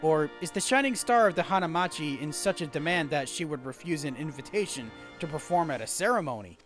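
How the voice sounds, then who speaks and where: A man reading the lines of a retiring star geiko woman in a video game, gently teasing and formal. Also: on the high side, lively intonation, brisk, soft background music, pitched below the performer's own voice.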